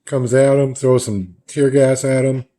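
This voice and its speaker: A man's voice: medium pitch, fairly even intonation, unhurried, warm tone. A man casually retelling the panels of a comic book in a loose, rambling way, as a reviewer.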